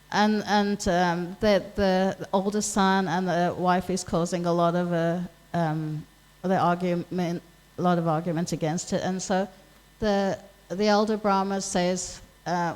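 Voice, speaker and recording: A woman's voice: medium pitch, fairly even intonation, normal speed, darkish tone, rough recording. A woman giving a scripture class in a temple, retelling a story casually and speaking each character's lines in her own voice. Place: temple hall.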